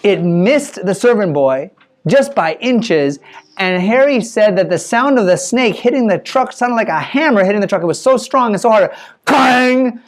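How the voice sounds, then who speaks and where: A man telling a children's mission story, animated and playful, with spoken sound effects. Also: high-pitched, moderate pace.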